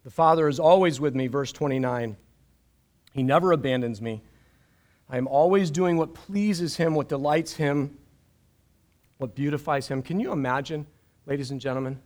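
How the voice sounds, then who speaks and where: Animated high-voiced male pastor preaching. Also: normal speed, long pauses. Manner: animated, jokey asides, repeats words. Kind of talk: live-streamed sermon. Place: church stage.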